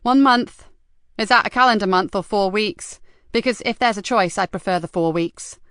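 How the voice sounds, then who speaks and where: A woman narrator voicing a sharp-tongued, weary female police inspector who answers back with sarcasm and defiance. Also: mid-range voice, moderate pace, clear, resonant tone, dry recording, studio quality, natural voice. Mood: sarcastic.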